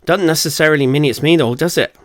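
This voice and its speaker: A man's voice: on the high side, quick pace, no echo, clean studio sound, pitched above the performer's own voice, natural voice. A man doing a pushy male friend calling. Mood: insistent. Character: insistent male friend on the phone.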